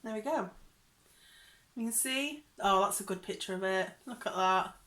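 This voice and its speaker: Bright-voiced chatty woman vlogger. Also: mid-range voice, normal speed. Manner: chatty, giggly, drops into whispers when excited. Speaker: cross-stitch vlogger. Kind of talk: casual chatty vlog.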